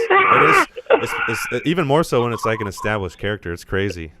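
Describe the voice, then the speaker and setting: A man's voice: on the low side, big pitch swings, fast, hardly any pauses, background noise. A man hosting a podcast in casual chat, easygoing and loose, with lots of "like" fillers. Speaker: podcast host and filmmaker.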